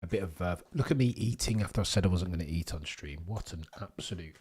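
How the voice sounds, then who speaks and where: Young british guy chatting with his stream chat, cheeky and jokey, bit low-pitched. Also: fast talker, a little mellow, husky. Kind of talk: casual live-stream chat.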